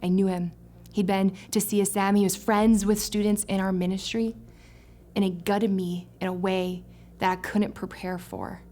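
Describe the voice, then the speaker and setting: A woman's voice: mid-range voice, flat delivery, normal speed, warm tone. A young adult woman pastor preaching a sermon, earnest and emotional, rising into impassioned prayer. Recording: faint music behind.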